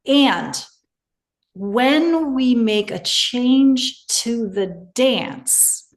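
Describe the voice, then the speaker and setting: A woman hosting a podcast interview, thoughtful and explanatory as she reframes ideas. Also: a little high. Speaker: podcast host. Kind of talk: conversational interview.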